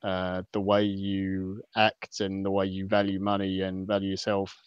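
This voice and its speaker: Male podcast host, low voice, jokey and brisk, dry slightly dull mic. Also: completely flat delivery, clean tone, no echo. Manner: jokey, brisk moderating, reading listener questions. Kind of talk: casual football podcast chat.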